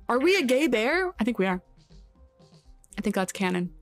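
A woman streamer chats through a cozy video game with giggly, jokey reactions and quick playful asides. Her voice sits a bit high. Faint music plays under her talk. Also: big pitch swings. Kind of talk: casual live game commentary.

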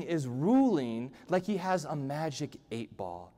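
A man's voice: fairly high pitch, very animated, a little slow, mellow. A male pastor giving a humorous, conversational sermon in a church. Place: church sanctuary. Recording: long church-hall reverb.

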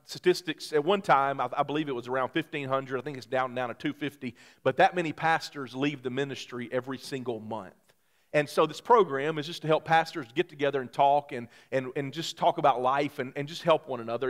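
A man, a pastor preaching a sermon who tells a personal story in an animated way, his voice climbing high and loud when he gets excited.

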